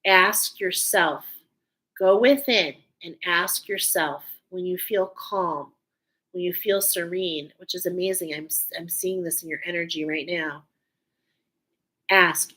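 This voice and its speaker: Casting note: woman, unhurried spiritual card reader, gentle and affirming, emotions close to the surface. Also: lowish voice, fairly even intonation, rough recording. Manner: slow, soothing, affirming, openly emotional. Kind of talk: intuitive tarot-style reading to viewers.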